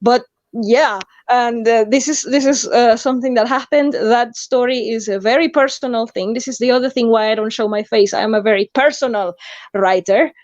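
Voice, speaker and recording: Playful high-voiced woman writer. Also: moderate pace, darkish tone, no room sound. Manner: playful, theatrical, self-mocking. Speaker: writer and channel host. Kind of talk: casual video chat. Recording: dry, slightly dull lo-fi audio.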